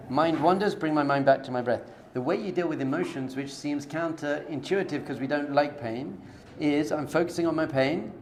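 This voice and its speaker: A man's voice: fairly high pitch, a little hiss or hum. A man, a rabbi, giving an informal spoken lecture to a live group, coaching them directly with everyday analogies in a conversational tone. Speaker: rabbi teaching a class.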